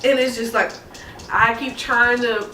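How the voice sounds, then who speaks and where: A woman's voice: fairly high pitch, fairly even intonation, measured pace, bright, forceful tone, a little hiss or hum. A young woman chatting emotionally during a get-ready-with-me video, confiding and repeating herself while holding back tears. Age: young adult. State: tearful. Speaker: beauty vlogger. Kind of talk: casual get-ready-with-me chat. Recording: echoey room, mic a bit far.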